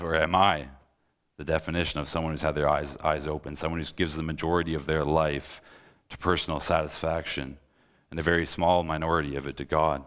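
A man's voice: a bass voice, fairly bright tone. A young man preaching a sermon in an earnest voice that rises into impassioned, pleading questions.

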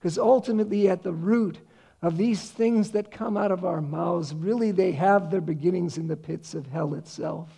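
A man preaching a sermon, earnest, slowing down to read scripture with emphasis. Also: high voice, vocal fry, warm tone, slightly rough. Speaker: pastor.

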